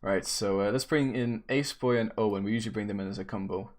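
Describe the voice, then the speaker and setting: A man hosting a casual post-race interview, relaxed and chatty with many fillers. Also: fairly low pitch, fast talker. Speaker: host and interviewer.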